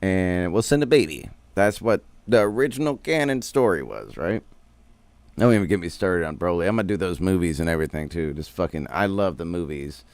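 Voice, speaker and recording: A man's voice: low voice, expressive, fairly quick, no echo. A man streamer recapping a show casually, rambling in slang with heavy swearing.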